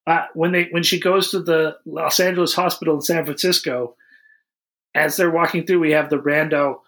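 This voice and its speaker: A man's voice: fairly high pitch, steady tone, normal speed, fairly bright tone. A man co-hosting a casual movie review chat, sarcastically recapping scenes. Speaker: podcast co-host.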